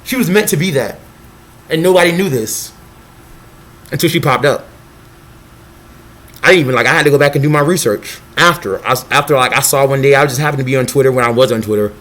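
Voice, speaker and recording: A young man rambling in a casual vlog monologue, excitable and profane, jumping between thoughts and acting out quotes. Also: a little fast, pauses often. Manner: scattered, excitable, profane, acts out quotes in a high voice. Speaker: vlogger.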